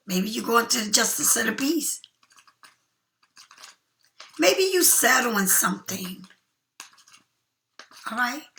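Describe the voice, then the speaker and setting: A middle-aged woman reads tarot in a loose, chatty way. Her voice sits fairly high and bright, with a gravelly fry running through it. She leans hard on her points and now and then drops into slow, soft whispers. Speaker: tarot card reader. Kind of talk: casual spiritual tarot reading.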